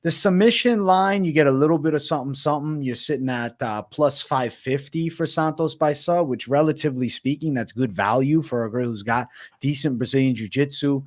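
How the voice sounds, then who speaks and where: A man co-hosting a mixed martial arts show, giving measured, laid-back picks and betting analysis. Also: medium pitch. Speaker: co-host of MMA betting show. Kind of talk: casual fight analysis and betting talk.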